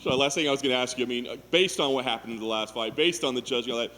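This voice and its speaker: A man's voice: mid-range voice, racing, bright, forceful tone. A male reporter putting casual questions to a fighter at a media event. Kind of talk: press interview questions. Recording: long hall reverb.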